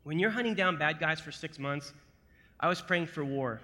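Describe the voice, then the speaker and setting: In a hall heavy with long reverb, an American veteran of the military shares his story with a live audience. His fairly high voice moves at a moderate pace, swinging animatedly from hushed asides to forceful loud bursts.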